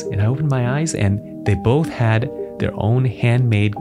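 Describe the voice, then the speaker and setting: A man in his thirties with a low voice shares a family story on a podcast, easygoing and chuckling as he goes. Soft instrumental music plays clearly underneath. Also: lively intonation, normal speed, hardly any pauses. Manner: warm anecdotal, chuckling, playful voices for his kids. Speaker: podcast co-host.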